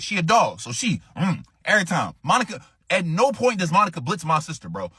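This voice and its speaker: A man telling a story in a casual storytime, animated and profane, acting out what others said. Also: a little high, fast talker, breathy edge.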